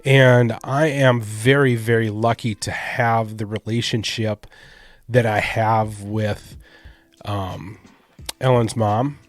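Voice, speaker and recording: A middle-aged man hosting a podcast, telling a casual, rambling personal story and swearing now and then, with faint music behind him. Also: on the low side. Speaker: podcast host.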